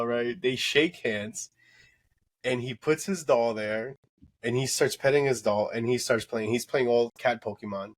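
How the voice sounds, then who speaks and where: A man hosting a casual late-night podcast, telling an animated story with lots of swearing and laughter. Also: mid-range voice, moderate pace. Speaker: podcast host.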